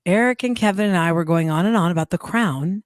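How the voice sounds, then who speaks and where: A woman radio host in casual on-air chat, expressive and quick to laugh. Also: lowish voice, no room sound, clean studio sound. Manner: expressive, laughs often, puts on voices in anecdotes.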